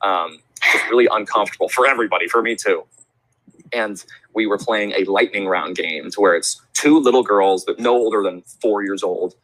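A young man as an interview guest, telling stories in casual chat and acting out quoted voices with big jumps in pitch. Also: moderate pace, fairly bright tone, dry recording, rough recording. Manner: rambling restarts and fillers. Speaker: interview guest, sports event host.

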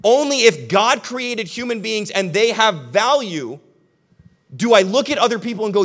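A young man preaching a sermon as pastor, talking animatedly and conversationally, then dropping to soft, earnest tones. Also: high voice, lively intonation, a little fast. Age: young adult.

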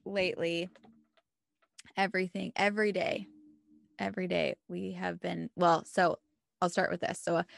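Creaky-voiced young mom chatting. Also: female voice, fairly low pitch, dry recording, studio quality. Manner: laughing, chatty mom telling stories. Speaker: podcast co-host. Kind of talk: casual chat.

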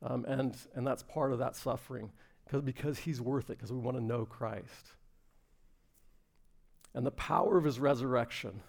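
A man's voice: medium pitch, normal speed, gravelly, pauses often. A man preaching a fervent, earnest sermon to a congregation in a room. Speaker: pastor.

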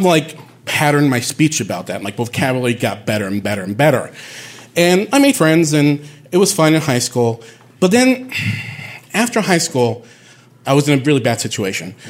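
A man from Puerto Rico telling a personal story in an animated, candid way, swearing casually. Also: mid-range voice.

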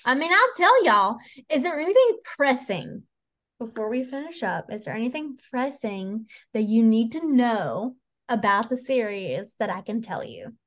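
Podcast co-host, woman, higher voice, gushing and profane. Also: moderate pace. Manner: excitable, swears freely, acts out scenes. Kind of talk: casual chat.

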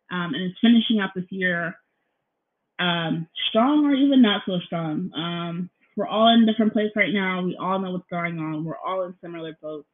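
A woman's voice: medium pitch, a little hiss or hum. Rambling young woman on a tinny laptop mic. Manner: rambling, apologetic, frequent ums and "you guys"; nervous, feels out of breath. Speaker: podcast host. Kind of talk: casual solo podcast chat. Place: her apartment. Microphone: laptop recording, headphones in. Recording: tinny phone-like laptop recording.

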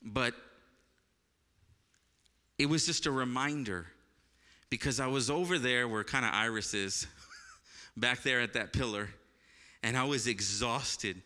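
A male pastor tells a personal story from the pulpit, acting out the voices of the people in it before dropping into hushed reverence. His voice is very bright and crisp. The sound carries the long echo of a church hall. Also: medium pitch, unhurried, pauses often. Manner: animated storytelling, acts out voices, laughs often, turns quiet and reverent. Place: church sanctuary.

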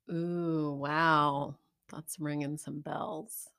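A woman co-hosting a casual trivia podcast, thinking aloud as she guesses, with frequent ums. Her voice is bright and crisp, and her pitch moves up and down in a lively way. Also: extremely slow. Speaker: podcast co-host. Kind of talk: casual movie-trivia chat.

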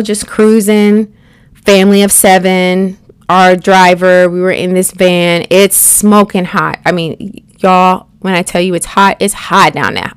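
A woman from the United States telling a personal story in a chatty, animated way, speaking straight to her listeners and acting out the people in it. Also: mid-range voice, clear, resonant tone, no room sound.

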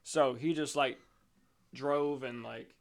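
A man's voice: mid-range voice, steady tone, takes it slowly, gravelly. A young man on a podcast joking around with friends, teasing them and throwing out wild theories. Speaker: podcast co-host. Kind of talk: casual banter.

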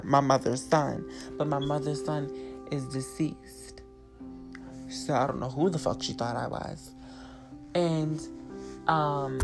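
A young woman hosting her own podcast, telling a story in a blunt, profane, chatty way. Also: rumbling low. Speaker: podcast host. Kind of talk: casual storytelling monologue. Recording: guitar music playing underneath. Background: guitar music.

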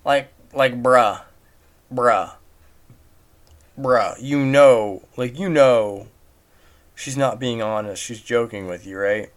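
A man's voice: mid-range voice, slow pace, long pauses. A man giving casual spoken commentary on a movie at home, mocking it with incredulous rhetorical questions. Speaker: movie reviewer. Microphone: home recording.

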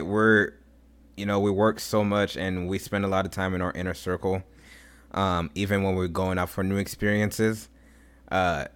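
A man's voice: low voice, a bit bright. A man co-hosting a podcast, talking in a loose, reflective way with many fillers. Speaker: podcast co-host. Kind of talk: casual chat.

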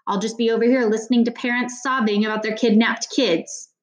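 A woman's voice: on the high side, steady tone, brisk, natural voice. A woman voicing a sullen, bitter girl in a storybook read-aloud. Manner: bitter, muttering.

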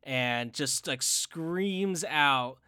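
Man, casual co-host, bright and clear, excitable rambler, dry close mic. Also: fairly high pitch, extremely slow, no echo. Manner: excited, rambling with many restarts and fillers. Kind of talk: casual chat reviewing an anime film.

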